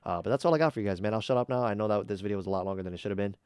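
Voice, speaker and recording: Low, smooth-voiced man giving blunt takes. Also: rapid-fire, darkish tone, dry recording, studio quality. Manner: blunt, chatty, many ums and uhs. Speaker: YouTube reaction host. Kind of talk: casual opinionated commentary.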